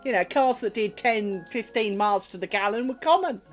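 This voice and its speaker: A woman's voice: mid-range voice, moderate pace, faint music behind. A middle-aged British woman streaming from home, chatting casually while she crafts, rambling along with dry humour and plenty of swearing.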